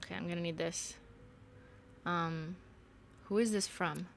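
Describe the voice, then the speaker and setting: A woman's voice: lowish voice, fairly even intonation, measured pace, creaky, a little hiss or hum. A young woman streaming a game live, chatting casually, joking and reading in-game text aloud.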